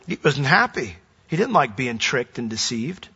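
Male pastor, bright ringing voice, earnest sermon delivery, dull lo-fi sound. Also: medium pitch, big pitch swings, moderate pace, husky. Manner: earnest preaching, rising to emphatic declarations.

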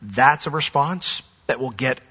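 Animated preacher in an echoing hall. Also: male voice, mid-range voice, unhurried, breathy edge. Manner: animated, acts out quoted voices. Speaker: pastor. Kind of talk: sermon. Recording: dull recording with long hall reverb.

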